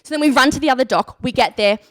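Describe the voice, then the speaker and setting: A woman's voice: high voice, quick pace, no room sound, studio quality. A young woman, a youth leader, telling a chatty, self-mocking story on a live stream, full of "like".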